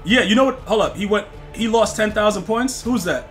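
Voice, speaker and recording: With faint music behind him, a high-voiced young man talks a little fast while livestreaming a football game. He's excitable and slangy with his viewers and says things over and over.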